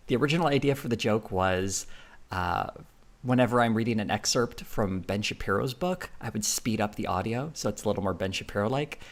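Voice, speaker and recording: A man's voice: on the low side, creaky. A man streaming live, talking casually in a rambling way with lots of fillers and frequent laughs.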